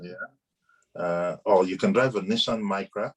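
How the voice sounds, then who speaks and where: A man's voice: low-pitched, a little slow, slightly rough. A man, an airline pilot, explaining things patiently in a casual interview, with frequent restarts.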